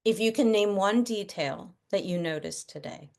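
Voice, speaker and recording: A middle-aged woman talks through parenting ideas over a video call. She speaks casually and with plenty of life, and she often drops into quick impressions of children and parents as she explains. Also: mid-range voice. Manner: animated, acts out kids' and parents' voices. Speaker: guest parenting expert.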